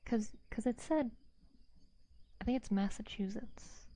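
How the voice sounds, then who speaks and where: A woman streamer in a soft-spoken ASMR chat, playful and giggly, slipping into whispers as she reads her chat aloud, on a binaural mic. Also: a little high, measured pace. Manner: drifts into whispers.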